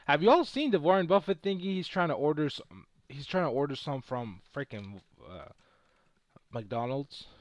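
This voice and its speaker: Man, casual livestream chat, boastful, cursing, lively pitch, dry sound. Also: moderate pace, dry recording. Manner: brash and boastful, swears freely. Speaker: livestream host trading stocks. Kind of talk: casual live-stream chat.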